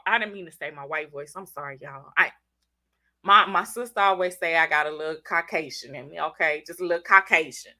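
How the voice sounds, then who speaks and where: A woman hosting a casual livestream, talking straight to her viewers in an animated, chatty way, congested from a cold, with country-sounding speech. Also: low-pitched, fairly quick. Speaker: livestream host.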